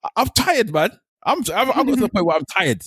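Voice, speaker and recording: High-voiced animated man. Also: a little fast, breathy edge, no echo, studio quality. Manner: animated, repeats himself, laughs often. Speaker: podcast co-host. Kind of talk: casual chat.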